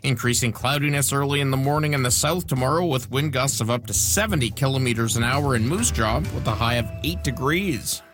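A man reading radio news headlines and the weather in a steady, clipped broadcast delivery. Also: medium pitch, brisk, few pauses, over music. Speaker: radio newsreader.

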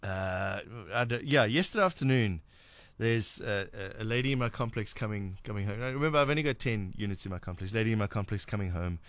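A man's voice: lowish voice, lively intonation, quick pace, fairly bright tone, no echo. A man with a South African accent hosting a late-night radio talk show, chatting wryly and sarcastically with many restarts. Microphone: studio microphone.

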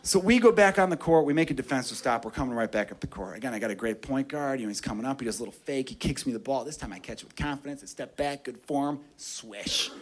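A man telling a stand-up story, profane and animated, dropping low and hushed then getting loud. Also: fast, few pauses. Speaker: stand-up comedian.

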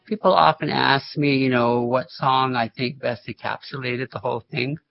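A man's voice: mid-range voice, fairly even intonation, normal speed, gravelly. An older man, a former music teacher, telling stories in an interview and chuckling often as he talks. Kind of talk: interview storytelling. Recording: dull lo-fi recording.

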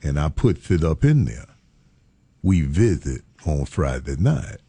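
A man's voice: a bass voice, unhurried, breathy edge, dry recording. A man telling a comic story in a casual chat, drawling and breaking into laughter. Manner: animated, breaks into laughter, drawling Southern vernacular. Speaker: storyteller in a two-person chat.

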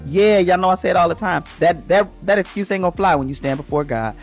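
A woman's voice: lowish voice, fast, hardly any pauses, faint music behind. A woman hosting a morning radio show, giving an emphatic, preachy inspirational talk in a sermon style. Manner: preachy, emphatic, acts out quoted voices.

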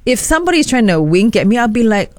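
A woman with a Singaporean accent hosting a morning radio show, bubbly and quick to laugh, moving from chat to traffic updates. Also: a little high, big pitch swings, dry recording. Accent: Singaporean English. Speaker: radio host.

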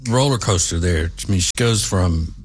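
A man's voice: low-pitched, moderate pace, husky. A middle-aged man, hosting a casual commentary monologue in a rambling, folksy, conversational way. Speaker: commentary show host.

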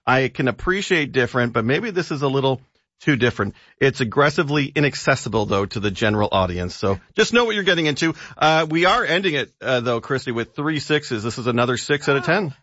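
A man reviewing films in relaxed, halting radio chat. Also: medium pitch, no room sound. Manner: relaxed, halting, chatty, with fillers. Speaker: film reviewer on a radio show. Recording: dull, dry studio radio sound.

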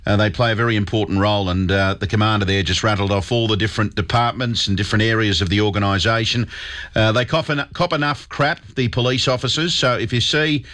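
Matey Australian radio host, dry studio sound. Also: male voice, fairly low pitch, fairly even intonation, fast talker, a bit bright, no room sound. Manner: matey, upbeat, frequent fillers. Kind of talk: casual radio chat.

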